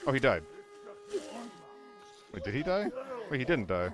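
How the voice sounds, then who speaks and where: A man's voice: mid-range voice, very animated, measured pace, over music. A young man live-streaming a shooter game, chatting loosely with viewers, swearing and getting flustered in fights. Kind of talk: casual live-stream chat while gaming.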